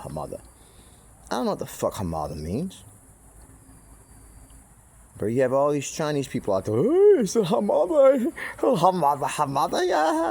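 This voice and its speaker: Casting: man, lowish voice, loose rambling delivery, swears freely, faint crickets behind. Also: darkish tone, slight background noise. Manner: profane, meandering, with frequent restarts and asides. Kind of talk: rambling casual monologue.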